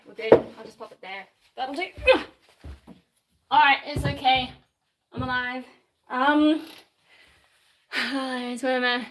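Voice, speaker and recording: Australian woman, young adult, slightly high voice, rambling casual stream chat, self-deprecating, faint background hiss. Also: animated, a little slow, pauses often. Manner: rambling, self-deprecating, swears and laughs mid-sentence. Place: home room with shelves, indoors.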